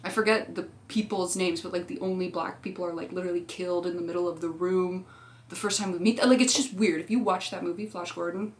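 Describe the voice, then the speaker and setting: A woman's voice: lowish voice, fairly even intonation, fast. A young woman chatting casually as a vlogger, rambling through tangents and swearing freely. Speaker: movie rewatch vlogger. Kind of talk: casual chat.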